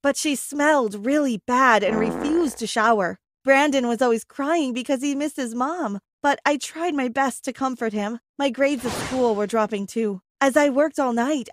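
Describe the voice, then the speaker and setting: A woman storyteller giving a scripted, emotive first-person narration for an animated story. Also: high-pitched, normal speed, few pauses, no room sound.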